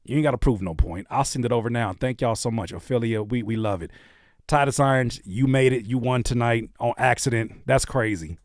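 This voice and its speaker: A man hosting a casual music livestream, joking in slangy, animated talk and slipping into mock voices. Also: mid-range voice, fairly quick, no echo, studio quality. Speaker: livestream host reacting to music.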